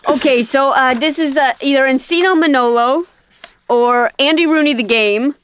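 A woman co-hosting a casual comedy podcast, teasing and playful as she makes a pledge pitch. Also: normal speed. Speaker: co-host.

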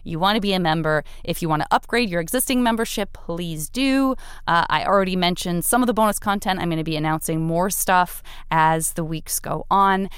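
A woman's voice: on the low side, brisk, few pauses, clean tone, no room sound. A woman hosting a podcast, talking casually and earnestly, close to tears as she thanks listeners. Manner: earnest, gets emotional, chatty. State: tearful. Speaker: podcast host. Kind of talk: casual interview and member appeal.

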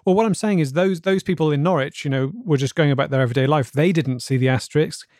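A man's voice: fairly high pitch, fast talker, darkish tone, no room sound, studio quality, natural voice. A man playing a hesitant, polite interviewer in a scripted comedy podcast, probing with careful questions. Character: earnest male radio-style interviewer. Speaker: interviewer, presenter.

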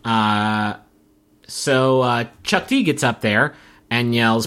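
A man's voice: slow pace, smooth. A man from Appalachia hosting a casual comedic podcast, telling stories with lots of swearing. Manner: animated storytelling, swearing, jumping up in pitch for quotes. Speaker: podcast host.

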